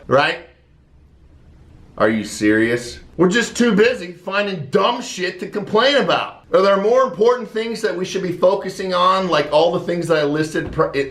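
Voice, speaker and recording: A man delivers a blunt, profanity-laced vlog rant with exasperated energy. His voice sits a little high and swoops widely in pitch. The room around him is noticeably echoey. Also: fairly bright tone. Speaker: vlogger. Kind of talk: opinion rant to camera.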